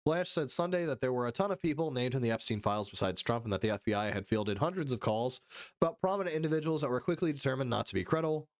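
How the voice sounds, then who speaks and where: A man live-streaming, reading news haltingly and riffing profanely with his chat. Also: medium pitch, animated, no echo, studio quality. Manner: profane, reads chat aloud and riffs; reads news text haltingly with fillers.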